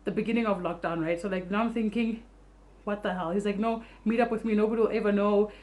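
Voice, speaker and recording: A young woman vlogging casually, telling a story fast and animatedly with free swearing. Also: mid-range voice, fairly even intonation, a little mellow.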